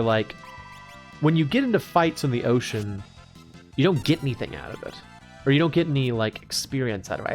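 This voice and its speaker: A man hosting a let's play, rambling casually and playfully through gameplay commentary. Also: on the high side. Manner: playful, laughs often, rambling. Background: faint game music.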